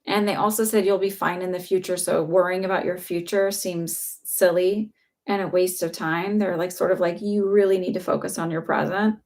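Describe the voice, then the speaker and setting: A woman's voice: on the low side, fairly even intonation, normal speed, darkish tone. A woman giving a live psychic reading, chatty and reassuring, with lots of fillers. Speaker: psychic reader. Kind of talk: live-stream reading, casual chat.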